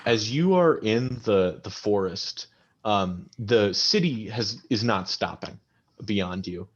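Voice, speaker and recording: A man running a tabletop game as game master, narrating casually and haltingly, with lots of ums and likes. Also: fairly low pitch, expressive, dull audio.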